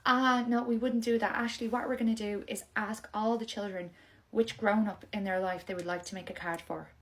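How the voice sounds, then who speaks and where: A young woman, playing a gentle, polite nursery nurse in a comedy sketch. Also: mid-range voice, steady tone, brisk.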